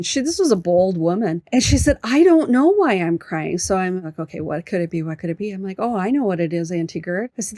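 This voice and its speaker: A woman's voice: lowish voice, no room sound. Dry, story-telling woman consultant. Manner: animated anecdotes with quoted dialogue. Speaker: senior living consultant, guest. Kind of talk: conversational interview storytelling.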